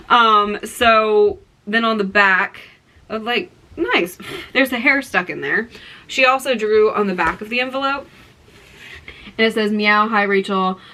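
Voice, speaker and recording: A young woman vlogging to camera, telling an excited story with gushing exclamations and lots of fillers. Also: mid-range voice.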